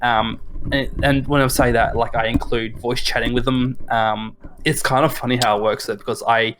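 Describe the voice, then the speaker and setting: A man's voice: mid-range voice, flat delivery, normal speed, fairly bright tone. A young Australian man co-hosting a casual podcast chat, telling stories in a rambling, stop-start way. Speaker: podcast co-host.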